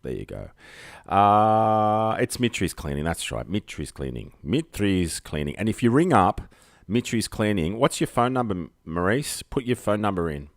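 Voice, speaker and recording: A man's voice: low voice, very animated, normal speed, no room sound, clean studio sound. A man with an Australian accent hosting a rambling live stream from home, talking into a desk microphone in a jokey, self-mocking way full of fillers. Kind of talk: rambling solo livestream chat.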